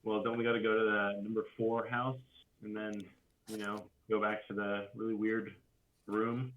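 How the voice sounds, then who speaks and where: Low-ish guy hesitating through game plans, sounds like a tinny phone line. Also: flat delivery, moderate pace. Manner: hesitant, lots of uh and um. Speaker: player. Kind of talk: casual game chat. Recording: tinny phone-like call audio.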